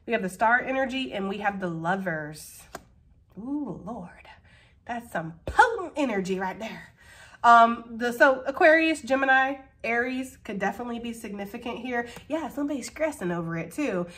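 Tarot reader, woman, casual and frank, laughs a lot, voice a touch high. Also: lively intonation, normal speed, a bit bright. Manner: chatty, laughs often, swears casually. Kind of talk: casual tarot reading monologue.

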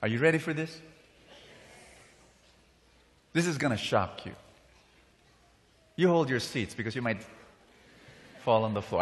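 A man's voice: mid-range voice, animated, normal speed, long pauses. A man preaching to a crowd, speaking emphatically and calling for their responses. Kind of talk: sermon. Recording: reverberant hall.

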